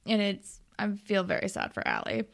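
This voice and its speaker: A woman's voice: mid-range voice, huge pitch swings, moderate pace, gravelly, a bit bright. A woman co-hosting a casual chat show, animatedly retelling a TV episode and acting out the characters' lines. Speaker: podcast co-host recapping a TV episode.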